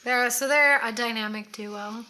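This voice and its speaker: A woman's voice: a little high, a little slow, bright, forceful tone, slight background noise. A woman co-hosting a casual chat while doing her makeup, easygoing and chatty, often trailing off mid-thought. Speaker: co-host.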